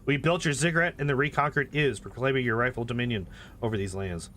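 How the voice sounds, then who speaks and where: A man's voice: medium pitch, fast, a bit bright, slight background noise, close to an everyday voice. A man voicing an imperious male lich mentor who lectures with cold, condescending scorn. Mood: haughty.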